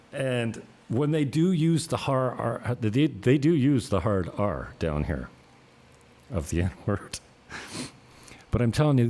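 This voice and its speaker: In a mellow, medium-pitched voice, a man in his fifties from Canada rambles casually on his own vlog channel. He works as a realtor, swears freely, and chuckles a lot along the way.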